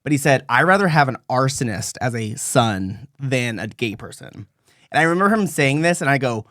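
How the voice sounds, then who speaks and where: A young man co-hosting a podcast, telling a long personal story in casual chat, acting out other people's voices with sudden high jumps. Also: moderate pace, dry recording, studio quality. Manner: animated storyteller, acts out voices with big pitch jumps. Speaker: podcast co-host.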